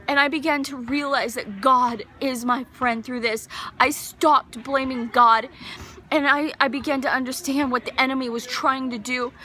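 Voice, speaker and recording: Woman giving a heartfelt faith testimony, kinda high bright voice, earnest, gets fired up. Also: slight background noise. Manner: earnest and emotional, rising to fervent. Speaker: bereaved mother giving testimony.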